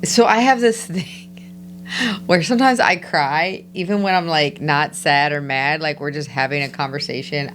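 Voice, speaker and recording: A woman's voice: sits low, normal speed, a bit bright, slight background noise. Candid woman telling stories on a podcast. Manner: candid, storytelling, laughs easily. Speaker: podcast co-host. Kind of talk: casual chat.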